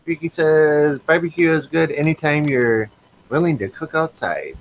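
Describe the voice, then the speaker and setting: A man co-hosting a casual livestream, reading viewer chat messages aloud in a relaxed way. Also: a little high, normal speed, a little hiss or hum, poor audio.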